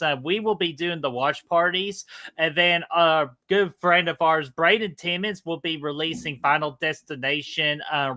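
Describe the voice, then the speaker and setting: A man's voice: fairly high pitch, pushed and bright. A man co-hosting a casual live stream, upbeat and chatty, greeting viewers by name. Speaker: co-host of a movie watch party stream.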